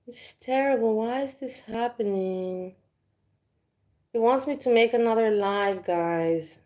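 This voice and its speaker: A woman's voice: fairly high pitch, slow pace, a little mellow. A woman chatting casually to viewers in a livestream from her home kitchen, talking frankly and rambling as she goes, recorded on a phone. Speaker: livestream host.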